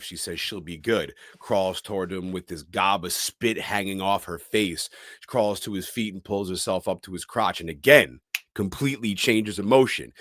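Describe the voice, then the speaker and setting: A man's voice: sits low, a bit bright, no echo, clean studio sound. A man co-hosting a podcast, telling a horror film's plot as a dramatic recap. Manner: dramatic storytelling recap with quoted lines. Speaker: podcast co-host.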